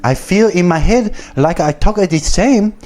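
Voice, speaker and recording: A man voicing a bewildered woman who woke up with a strange new accent, speaking in a puzzled, halting way. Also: sits high, darkish tone, voice pushed up.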